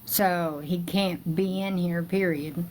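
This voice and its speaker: A woman's voice: on the low side, steady tone, slow pace, a little mellow, slight background noise. A woman hosting a live stream, hurriedly explaining herself and cutting in. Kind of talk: casual live stream chat.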